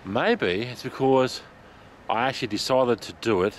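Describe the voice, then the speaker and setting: A man vlogging outdoors while walking, out of breath, excited and chatty, laughing often. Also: medium pitch, normal speed, slight background noise. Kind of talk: casual vlog while walking. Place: outdoors in a park.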